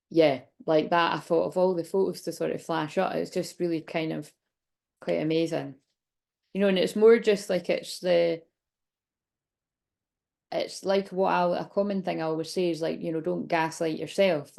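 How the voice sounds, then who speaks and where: Gravelly-voiced woman rambling through a tarot reading. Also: lowish voice, fairly even intonation, normal speed, long pauses, darkish tone. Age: 30s. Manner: rambling, chatty, many restarts. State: hiccuping, out of breath. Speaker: tarot reader. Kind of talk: casual tarot reading vlog.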